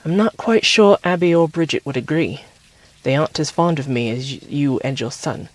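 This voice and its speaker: Brief: tender British dad in a storybook, soft and dry-humored, slightly raised pitch, read by a man. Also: moderate pace, no room sound, natural voice, rough recording. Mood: wry.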